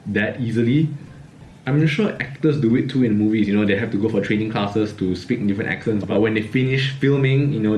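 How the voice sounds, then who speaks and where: A man's voice: fairly low pitch, a little mellow, roomy sound, a little hiss or hum. A young man from Malaysia with a Malaysian English accent, vlogging in a casual, musing way, his statements often rising like questions. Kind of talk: casual reflective talk to camera. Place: outdoors in cold weather.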